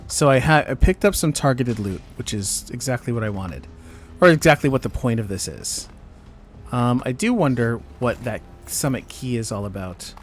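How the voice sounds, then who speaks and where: A man's voice: medium pitch, expressive, normal speed, faint music behind. Rambling man narrating his own gameplay. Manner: rambling, self-talk with frequent fillers and trailing off. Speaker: gamer streaming his play. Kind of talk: casual gameplay commentary. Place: home gaming setup on camera.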